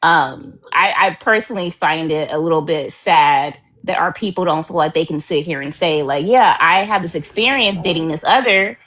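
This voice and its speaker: Earnest woman host with a lowish voice. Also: moderate pace, hardly any pauses, fairly bright tone. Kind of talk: casual chat.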